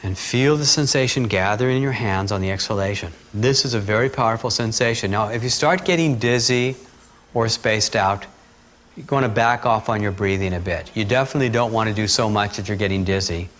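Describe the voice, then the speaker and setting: A man teaching breathing techniques, talking calmly and steadily through guided instructions. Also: on the low side, a little fast. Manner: calm, steady instructional talk with asides.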